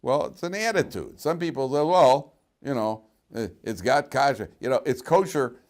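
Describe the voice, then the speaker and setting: Animated rabbi telling stories. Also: male voice, moderate pace. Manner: animated storyteller acting out characters with sharp jumps in pitch and loudness; many "you know" fillers. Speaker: rabbi teaching a weekly Torah class. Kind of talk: lively Torah lecture with stories and jokes.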